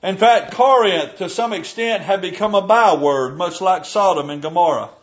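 Man, high voice, preaching, emphatic, dull lo-fi recording. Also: normal speed. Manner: earnest, emphatic preaching with scripture reading. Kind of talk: sermon.

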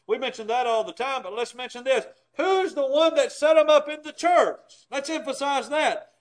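A middle-aged man preaching with a high voice. He talks animatedly and emphatically, throwing rhetorical questions at his listeners in a conversational way. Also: animated, moderate pace, hardly any pauses, poor audio. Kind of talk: sermon.

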